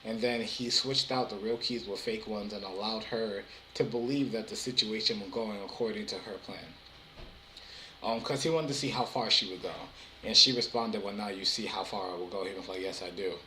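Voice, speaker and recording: Young man, casual episode recap, rambling, bright forceful voice, echoey room. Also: fairly low pitch, fairly even intonation, moderate pace, slight background noise. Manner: rambling, with many fillers and restarts. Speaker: TV episode reviewer.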